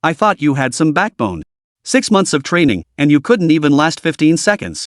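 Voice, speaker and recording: A man voicing a calm, smiling male poisoner who taunts his captive. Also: fairly high pitch, normal speed, no echo, clean studio sound. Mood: taunting.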